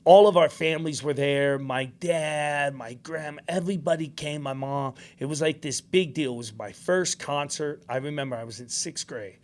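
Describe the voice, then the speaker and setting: Animated, higher-voiced male podcast host. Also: normal speed, hardly any pauses. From New York. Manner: animated storyteller, acts out quotes. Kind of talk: casual storytelling chat.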